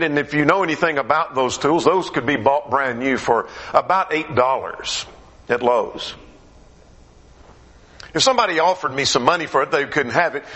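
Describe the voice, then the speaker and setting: A man preaching a gospel meeting sermon in a conversational way, his questions rising and his phrases dropping low at the end. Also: bright, forceful tone.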